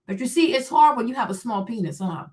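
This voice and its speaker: A woman's voice: a little high, lively intonation, quick pace. A woman hosting a live stream, answering chat in a confrontational, mocking rant full of profanity and rhetorical questions. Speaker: streamer host.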